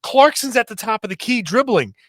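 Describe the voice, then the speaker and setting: Man with a high voice, rambling sports analysis, dry close mic. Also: lively intonation, a little fast, fairly bright tone, dry recording. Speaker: podcast co-host.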